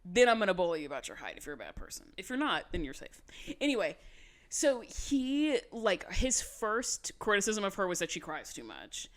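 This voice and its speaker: A woman co-hosting a podcast, recapping in casual chat with animated, swear-filled asides. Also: medium pitch, moderate pace. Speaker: podcast co-host.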